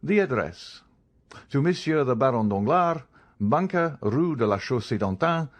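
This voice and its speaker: A man reading an audiobook, voicing a stern, contemptuous count disguised as a priest who speaks in measured, cold commands. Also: mid-range voice, lively intonation, pitched above the performer's own voice, lightly acted.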